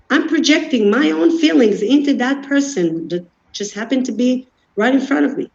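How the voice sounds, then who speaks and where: A woman's voice: high voice, lively intonation, moderate pace, a little mellow. Woman explaining earnestly, dull lo-fi sound. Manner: earnest, non-judgmental, explains with everyday examples. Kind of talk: explanatory talk on defense mechanisms. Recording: dull lo-fi recording.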